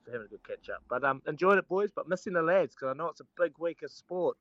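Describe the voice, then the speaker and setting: A man's voice: on the high side, fast talker, no room sound, dull audio. A man, co-hosting a casual sports chat and telling stories with lots of laughter. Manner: animated storyteller, laughs often. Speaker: co-host, former rugby player. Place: on holiday, joining remotely.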